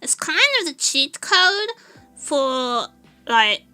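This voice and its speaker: A Portuguese woman streaming a casual chat, telling an animated story with frequent laughter and swearing. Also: high-pitched, slow, faint music behind. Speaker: VTuber streamer.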